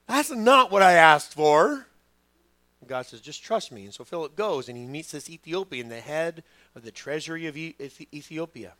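A middle-aged man preaching a sermon as pastor, telling stories with lively quoted voices. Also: on the high side, brisk, no echo. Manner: animated storytelling, acting out quoted voices.

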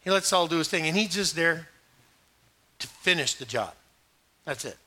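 A middle-aged man preaching a sermon, animated and acting out scripture scenes in different voices. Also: fairly high pitch, normal speed, breathy edge. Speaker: pastor.

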